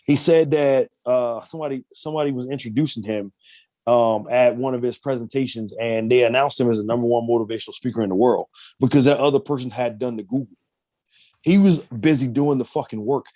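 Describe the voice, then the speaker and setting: A man with a mellow, relaxed tone co-hosts a casual podcast discussion. The sound is dry and close. He talks emphatically, swears freely and slips into the voices of people he quotes. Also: medium pitch, a little fast, no echo. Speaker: podcast co-host.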